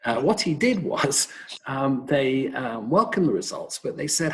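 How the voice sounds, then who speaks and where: A middle-aged British man speaking in a webinar, his voice gravelly with a wide, animated swing in pitch. He tells wry, lively anecdotes as a professor recounting his research. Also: unhurried, rough recording. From Britain. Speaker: professor, epidemiologist.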